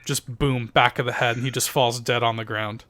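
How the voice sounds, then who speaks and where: A man's voice: mid-range voice, steady tone, moderate pace, fairly bright tone. A man narrating a tabletop role-playing game as game master, in a loose, chatty way full of fillers.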